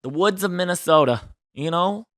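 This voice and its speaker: A man hosting a podcast, chatting casually about celebrity gossip in an expressive way and ending many remarks with a quick tag question. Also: high-pitched, no echo, clean studio sound. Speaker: podcast host.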